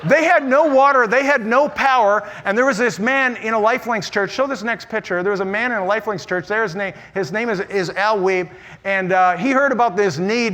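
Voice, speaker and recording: A man preaching an energetic conference sermon, humorous and emphatic, often repeating words. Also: high-pitched. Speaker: pastor speaking at a church conference.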